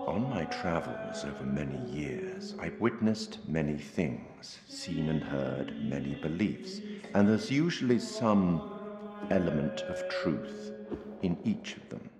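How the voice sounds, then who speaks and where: A deep, slow, cryptic curator. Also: male voice, big pitch swings, heavily acted. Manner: measured, theatrical, knowing. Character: mysterious old-world male curator narrator, cryptic and wry. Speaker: game narrator. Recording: echoey game audio with loud music.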